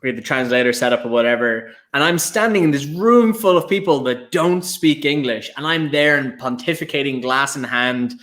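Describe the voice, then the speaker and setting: A man's voice: medium pitch, normal speed, hardly any pauses, fairly bright tone. A young Irish man, a whiskey ambassador on a panel, telling self-mocking anecdotes in a loose, restarting way. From Ireland. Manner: rambling storyteller, many fillers and restarts, self-mocking laughs. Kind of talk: casual anecdotal chat.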